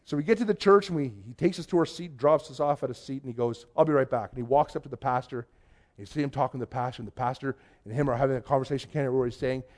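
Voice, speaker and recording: A Canadian youth pastor telling a story in a sermon, acting out the voices of the people in it. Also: male voice, mid-range voice, very fast. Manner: animated storyteller, acts out quoted voices.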